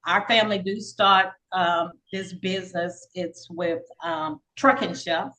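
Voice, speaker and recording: An older woman, a podcast guest, telling her life story in a casual, lively way and acting out the voices of people she quotes. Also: fairly low pitch, a little slow, low-quality recording. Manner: lively, acts out quoted dialogue; frequent fillers and repeats.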